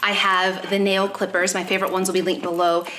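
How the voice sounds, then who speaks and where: Young woman, casual home vlog, chatty and explanatory, mid pitch, faint background hiss. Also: little pitch movement, brisk, sharp tone. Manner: chatty, explains as she works, baby-talks her dogs. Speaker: pet vlogger. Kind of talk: casual vlog talk while doing chores. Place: home with dogs.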